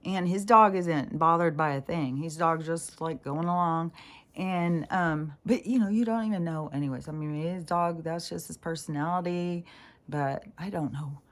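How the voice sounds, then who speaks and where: Chatty woman with a lowish voice. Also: normal speed. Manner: chatty, laughing often, swearing, quoting people in put-on voices. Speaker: vlogger. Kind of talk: casual storytelling rant.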